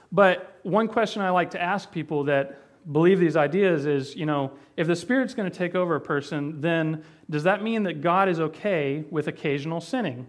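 A man pastor teaching Bible doctrine in a conversational way, with many fillers and restarts as he explains. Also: high-pitched.

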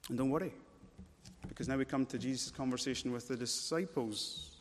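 A male preacher delivering an emphatic sermon in a church, his voice in a middle register. He swings between loud, urgent stretches and low, intense ones, often repeating words as he builds his point. A long hall reverb trails every phrase. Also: fairly quick, slight background noise.

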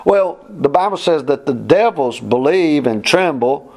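A man's voice: on the high side, expressive, measured pace, darkish tone. A man teaching a verse-by-verse Bible class, plainspoken and emphatic, often repeating his points.

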